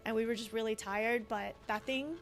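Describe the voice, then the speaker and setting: A woman's voice: a little high, fairly even intonation, normal speed, vocal fry, soft background music. An American woman streaming a game, chatting casually and giggling often between remarks. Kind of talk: casual chat while gaming.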